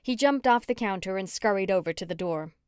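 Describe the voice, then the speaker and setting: A woman narrating a cozy mystery audiobook in first person, with an even storytelling delivery. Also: medium pitch, a little fast, smooth, dry recording, studio quality.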